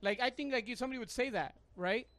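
A man hosting a rowdy group podcast, loud and joking, cutting in to keep order. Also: very high voice, fast, no echo. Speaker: podcast host. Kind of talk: casual group podcast chat.

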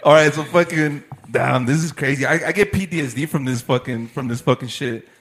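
A man's voice: medium pitch, brisk, fairly bright tone, a little hiss or hum. A young man telling a rambling story in casual chat with friends, full of swearing, fillers and laughter.

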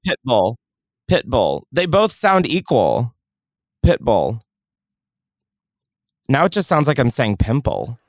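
A man hosting a casual podcast, his pitch swinging widely as he jokes and swears through his stories. The sound is close and dry with no room around it. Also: slow pace, pauses often, no room sound. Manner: joking, profane, animated storytelling. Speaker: podcast host.

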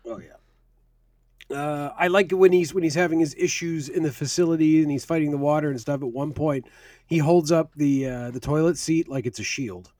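A man's voice: fairly high pitch, a little fast, darkish tone, no echo, clean studio sound. A man co-hosting a podcast, chatting casually about a film in a rambling way, correcting himself and swearing offhandedly. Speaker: podcast co-host.

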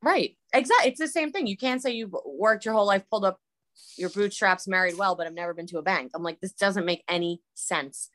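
Chatty woman, animated and filler-heavy. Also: mid-range voice, fairly quick. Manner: animated, lots of fillers and quoted asides. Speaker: podcast co-host. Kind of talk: casual chat about reality TV.

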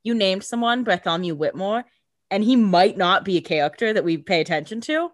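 A woman's voice: medium pitch, animated, brisk, dry recording, studio quality. A young woman co-hosting a podcast, giving blunt, casual commentary on a TV show and swearing for emphasis. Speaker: podcast co-host.

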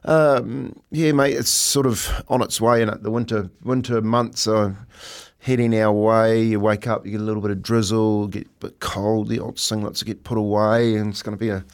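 A man co-hosting a breakfast radio show, chatting in a relaxed, easygoing way. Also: on the low side, moderate pace. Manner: laid-back, chatty, easy filler-heavy banter. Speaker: radio co-host. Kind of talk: casual chat.

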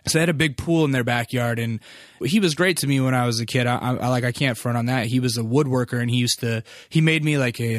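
A man's voice: mid-range voice, no echo, studio quality. Candid man telling a family story. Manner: loose and candid, filler-heavy, swears freely. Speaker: vlogger. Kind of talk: casual personal storytelling.

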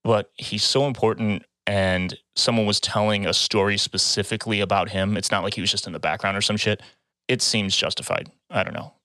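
A man hosting a casual podcast, explaining the draft rules in a relaxed way. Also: lowish voice, brisk, no echo. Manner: laid-back, explains rules, laughs often. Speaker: podcast host and draft moderator. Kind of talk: casual chat.

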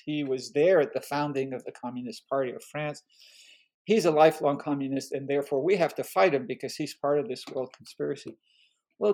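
A man, an author, explaining history in a thoughtful conversational way, pausing with fillers and restarting sentences. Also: medium pitch, darkish tone. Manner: thoughtful, many fillers and restarts, quotes others in passing. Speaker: author discussing his book.

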